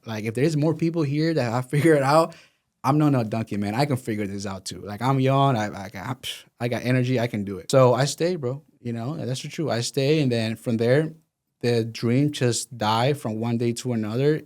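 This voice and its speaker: A man in his thirties from Venezuela with a Spanish accent, telling his story as a guest in a casual interview and acting out the voices of the people he quotes. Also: medium pitch. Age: 30s. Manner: animated, acts out quoted voices.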